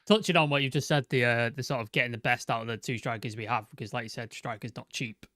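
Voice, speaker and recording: A man's voice: mid-range voice, fairly even intonation, fast talker, bright, forceful tone, dry recording, studio quality. A man, co-hosting a football fan podcast, asking questions in an exasperated, casual way. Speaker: podcast co-host.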